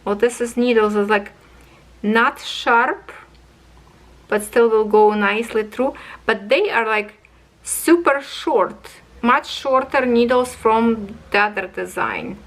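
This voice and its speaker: Woman, unboxing craft kit, slow and excited, slightly high voice. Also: rough recording. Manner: slow, enthusiastic, talks to viewers as friends. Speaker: craft channel host. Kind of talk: casual unboxing review.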